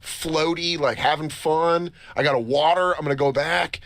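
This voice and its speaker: A man's voice: on the high side, normal speed, no room sound. A man from the United States telling a long, profane story on a talk show, acting out the people in it. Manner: animated, profane, acts out voices in his story. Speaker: show host. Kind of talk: casual storytelling. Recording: faint music behind, radio broadcast.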